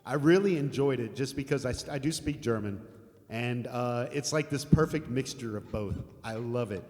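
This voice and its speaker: On a live music stream, an older American man speaks in a mid-range, slightly mellow voice at normal speed, chatting casually with viewers. He rambles, laughs and swears occasionally, with long reverb and guitar in the background.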